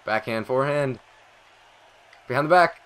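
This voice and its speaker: A young man giving live commentary over a video game, excitable and rambling, swearing often and talking to himself. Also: medium pitch, normal speed, clear, resonant tone. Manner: excitable, swears a lot, rambling self-talk. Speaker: gaming commentator.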